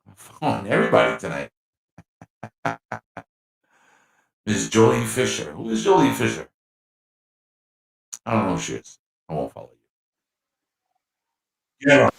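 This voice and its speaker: Gravelly man hosting a chatty livestream. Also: on the low side, very animated, a little slow, pauses often. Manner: rambling, chatty, laughs at himself. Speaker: livestream host. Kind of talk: casual livestream chat. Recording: echoey mic with faint music.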